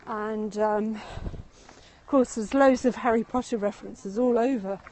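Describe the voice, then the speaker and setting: A woman leads a live-streamed walking tour through a city meadow and gardens, speaking into a phone she carries. Her high, steady, slightly mellow voice moves at a measured pace as she chats and rambles, laughing often and a little out of breath. The recording is rough.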